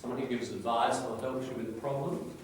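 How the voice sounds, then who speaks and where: A man's voice: mid-range voice, fairly even intonation, brisk, slight background noise. A man teaching an English vocabulary lesson, going through words one by one and asking tag questions as he explains them. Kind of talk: classroom vocabulary lecture. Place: classroom. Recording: very echoey classroom from far off.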